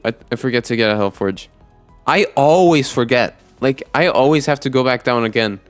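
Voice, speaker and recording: Excitable young gaming YouTuber, man. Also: medium pitch, moderate pace, clear, resonant tone, faint music behind. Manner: excitable, shouts and pleads during fights; talks to chat, self-deprecating. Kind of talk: let's play with voice-over narration.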